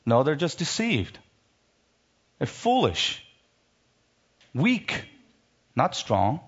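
A man preaching a sermon, reading scripture and rising sharply in pitch when he rebukes, then dropping low for emphasis. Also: huge pitch swings, extremely slow, slightly rough, highs cut off.

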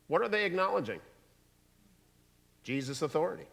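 A man preaching a sermon, animated and acting out voices from the scripture he reads. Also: fairly high pitch, moderate pace, long pauses. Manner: animated, acts out voices in quotes. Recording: long hall reverb.

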